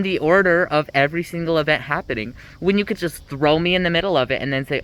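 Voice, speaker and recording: A man's voice: a little high, fast talker, hardly any pauses, a bit bright, clean tone, rough recording. A man giving a casual, rambling book review rant, sarcastic and full of fillers.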